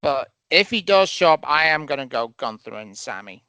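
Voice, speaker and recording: A man's voice: fairly high pitch, moderate pace, smooth, no room sound. A man co-hosting a casual wrestling podcast, giving firm opinions. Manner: animated, opinionated. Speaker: podcast co-host.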